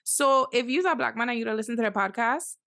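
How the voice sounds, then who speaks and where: A woman's voice: fairly high pitch, fast, vocal fry, fairly bright tone, no room sound, clean studio sound. A woman hosting a casual podcast, brash and joking, who swears freely. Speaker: podcast host.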